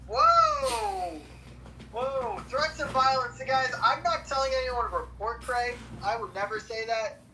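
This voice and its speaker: A young man bantering and mocking people on a live audio chat, joking loudly with sudden outbursts. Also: very high-pitched, fairly even intonation, moderate pace, distant mic, slight background noise, poor audio. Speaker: chat room participant.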